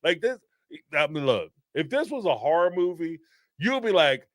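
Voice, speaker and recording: High, animated male live-stream host. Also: normal speed, dry recording, studio quality. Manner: animated and rambling, laughs often, acts out quotes. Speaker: host of a live call-in show. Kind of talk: casual commentary on a live stream.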